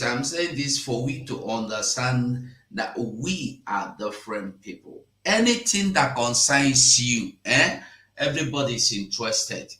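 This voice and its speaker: Man, Nigerian accent, live-stream news host, slow delivery, repetitive and emphatic, echoey room. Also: pushed and bright. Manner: rambling, repetitive and emphatic, with sudden rises in pitch.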